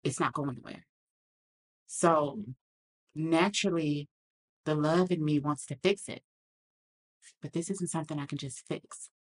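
Low-voiced woman telling a personal story. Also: a little slow, long pauses. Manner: earnest, reflective, acts out quoted lines. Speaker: podcast guest.

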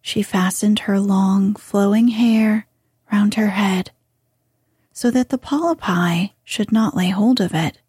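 Woman, whispered storybook reading, very breathy, slow, mellow, dry close sound. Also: mid-range voice, no room sound. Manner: soft, slow, hushed whispering.

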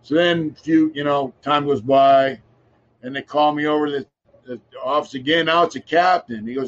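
A man's voice: on the high side, fairly even intonation, a little fast, fairly bright tone. Laid-back man telling a long story. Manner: laid-back, rambling, drops to a mutter at line ends. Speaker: podcast host telling his story. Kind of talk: casual storytelling chat. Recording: dull lo-fi sound.

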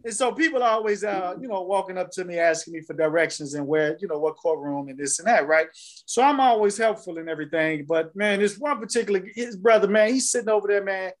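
A man's voice: high voice, a little fast. A man co-hosting a casual podcast who tells stories in a loose, meandering way. He swears freely and fills his talk with "man" and "you know.". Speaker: podcast co-host. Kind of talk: casual storytelling chat.

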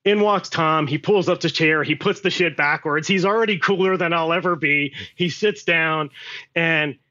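A male actor telling an animated set anecdote as a podcast guest, acting out quotes and swearing freely. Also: on the high side, normal speed, highs cut off. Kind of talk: storytelling anecdote.

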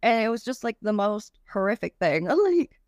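A woman's voice: mid-range voice, very animated, moderate pace, darkish tone, dry recording, clean studio sound. A young woman, a podcast guest, tells a personal story candidly, with frequent swearing and many "like" fillers.

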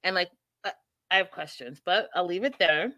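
A woman co-hosting a podcast, chatting casually and telling lively stories with asides to the live chat. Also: on the low side, no echo, lo-fi sound. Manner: animated storytelling, quick asides to live chat. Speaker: podcast co-host.

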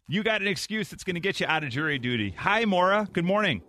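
A man's voice: high voice, expressive, fast, sharp tone. A man hosting a morning radio show from a studio. He talks playfully and laughs a lot. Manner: playful, laughs often, acts out quotes. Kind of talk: lively radio banter. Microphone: studio microphone.

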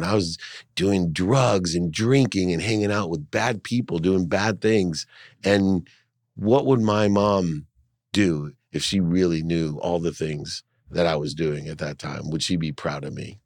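A middle-aged man with a very low, deep voice tells a personal story in an interview, earnest and animated. The sound is dry and close, with no room echo. He leans into the emotion and pushes his points hard. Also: measured pace, husky. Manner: earnest, animated, acts out his mother's voice in dialogue. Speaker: guest, entrepreneur and speaker.

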